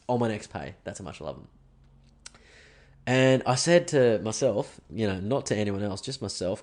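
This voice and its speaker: A man's voice: on the low side, a little mellow. A young Australian man hosting a podcast alone, ranting casually and swearing. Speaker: podcast host. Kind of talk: solo podcast rant.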